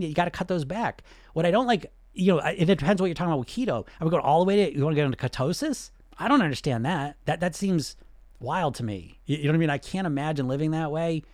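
A middle-aged man coaching on weight loss and answering questions, blunt and animated, firing off rhetorical questions. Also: a little high, no echo, clean studio sound.

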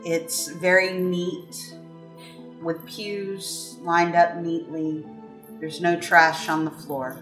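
A woman narrating a tabletop game as game master, describing scenes slowly. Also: fairly low pitch, reverberant.

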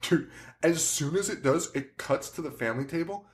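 A man's voice: on the high side, normal speed. Laughing man retelling movie scenes. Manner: animated retelling with laughs and acted quotes. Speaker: podcast co-host. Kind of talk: casual movie chat.

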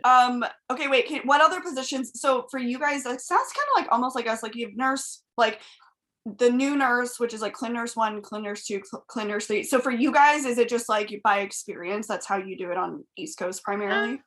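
A bubbly woman host chatting eagerly and gushing over her guests, recorded dry and close. Her tone is quick to cheer things on. The talk is loose and casual. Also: on the high side, fairly bright tone, no echo. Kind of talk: casual chat, ad read.

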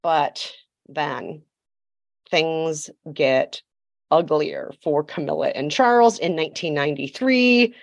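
Sassy woman with a low voice. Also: slow, vocal fry, no echo, muffled recording. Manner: sassy, emphatic, mocking asides. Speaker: podcast guest, royal commentator. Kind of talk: storytelling chat.

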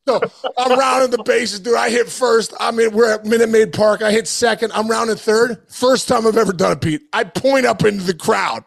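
A middle-aged man, a former ballplayer, telling an animated locker-room story in casual podcast chat, peppered with "dude.". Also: sits high, moderate pace, hardly any pauses. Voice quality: gravelly, animated, swears and says dude.

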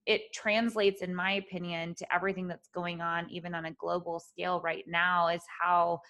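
A woman's voice: fairly low pitch, flat delivery, moderate pace, bright, forceful tone. A woman hosting a podcast interview, talking in a reflective, rambling way full of "you know" fillers. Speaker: podcast host. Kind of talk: conversational interview.

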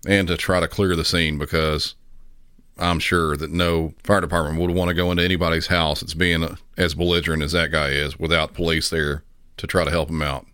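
A man hosting a podcast, calmly narrating and explaining a true-crime case in a measured way. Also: rumbling low, smooth, dry recording, studio quality. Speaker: podcast host.

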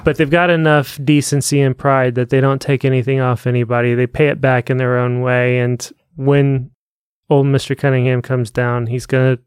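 A man co-hosting a podcast, chatting about a book in a relaxed, agreeable way. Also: medium pitch, normal speed, clean tone, no room sound, studio quality. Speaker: podcast co-host. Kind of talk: casual book discussion.

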